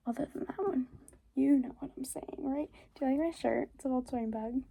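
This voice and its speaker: A woman's voice: high voice, a little fast, vocal fry, warm tone, slightly rough. A teenage girl chatting casually in a reading vlog, rambling with fillers and slipping into whispers, recorded on a phone on her porch. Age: teens. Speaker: reading vlogger. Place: home porch, outdoors.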